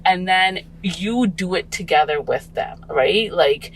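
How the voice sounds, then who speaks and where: A woman in her forties, a parent appearing as a guest on a casual podcast, speaks reflectively and rambles with many fillers. Her voice is lowish and slow, and the low-quality recording carries slight background noise.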